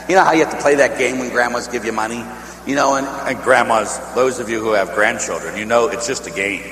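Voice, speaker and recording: A middle-aged man from Pittsburgh, a priest telling a story in a sermon, animated and laughing, dropping from loud to hushed. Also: mid-range voice, fairly quick. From Pittsburgh, USA. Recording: echoey hall with faint hum.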